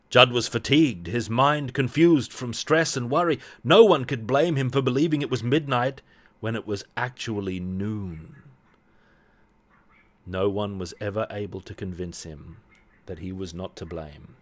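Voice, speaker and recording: A man's voice: lowish voice, measured pace, a bit bright. A man streaming a game live, reading the story aloud with playful joking asides.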